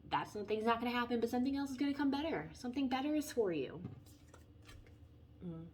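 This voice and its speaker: A young woman with a fairly high voice talks through a tarot spread in a loose, chatty way. She is playful and animated, jumping between advice and little jokes as she reads the cards. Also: fast talker, slight background noise. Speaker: tarot reader. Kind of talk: casual spoken tarot reading.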